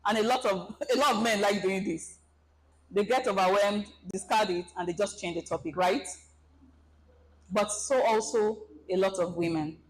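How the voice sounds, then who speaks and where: A woman giving a relationship seminar, animated and acting out everyday scenarios for her audience. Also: mid-range voice, normal speed, rough recording. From Nigeria. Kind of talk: presentation talk to an audience.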